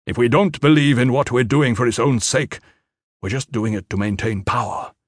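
A man voicing a weary, blunt commander of bodyguards who speaks solemnly and forcefully in an audiobook. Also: mid-range voice, normal speed, dry recording, studio quality, close to an everyday voice.

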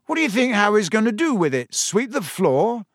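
A man's voice: high voice, very animated, moderate pace, dry recording, studio quality, voice pushed up. A man voicing an impatient, hot-tempered teenage boy wizard in a storybook reading. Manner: loud, impatient outbursts.

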